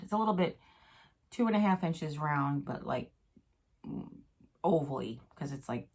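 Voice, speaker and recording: A middle-aged woman talks casually to her camera at home, telling a long story in a chatty way. She slips into the voices of people she quotes. Her voice sits a little low. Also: creaky, a little mellow, slightly rough. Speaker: vlogger. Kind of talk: casual chat. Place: at home, sitting on a commode chair.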